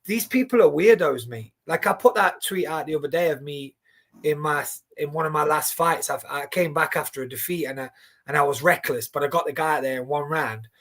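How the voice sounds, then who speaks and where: A man in his forties talks in a slightly high voice, chatting casually. He is an animated storyteller who swears freely and keeps restarting sentences. The talk stays loose and conversational throughout. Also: brisk. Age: 40s. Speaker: boxing watchalong co-host. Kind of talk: casual chat.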